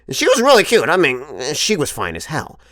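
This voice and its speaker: A man in his twenties telling a comic story to camera as a vlogger, animated and profane, often laughing. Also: a little high, fairly quick, no echo, clean studio sound. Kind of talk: comedic storytelling monologue.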